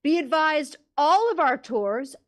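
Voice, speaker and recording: An upbeat tour guide announces the attractions in a high, bright voice, as a woman puts her on for a comedy bit. The delivery is unhurried and chipper, with laughs breaking through. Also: lively intonation. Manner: upbeat sales pitch, laughing through lines. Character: chipper female tour guide of a libertarian fort.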